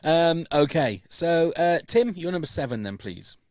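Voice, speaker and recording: A man's voice: a little high, lively intonation, unhurried, darkish tone, no echo, clean studio sound. A man hosting a podcast, enthusiastic, often trailing off between phrases. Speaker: podcast host. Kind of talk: casual chat.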